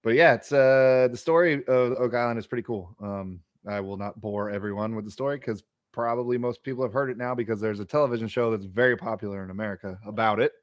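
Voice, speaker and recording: A man hosting a podcast in casual chat, easygoing and quick to laugh, with some swearing. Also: lowish voice, dry recording, muffled recording.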